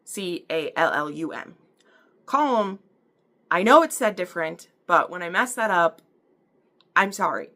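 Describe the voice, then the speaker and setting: A woman from the American Midwest chatting through an episode recap, talkative and animated, full of fillers and acted-out quotes. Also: fairly low pitch, unhurried, pauses often. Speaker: book and TV reviewer. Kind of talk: casual recap and review.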